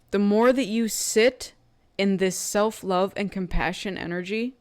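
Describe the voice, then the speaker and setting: A woman's voice: on the low side, darkish tone, smooth, no room sound. A woman giving a casual tarot love reading in a chatty way, full of fillers and often acting out what other people think. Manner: chatty, filler-heavy, slips into acting out quoted thoughts. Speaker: tarot card reader.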